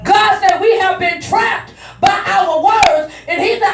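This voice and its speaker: High-voiced woman preaching loudly, echoey. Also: takes it slowly, faint music behind. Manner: loud, emphatic, repetitive preaching. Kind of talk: sermon. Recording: echoey hall, mic at a distance.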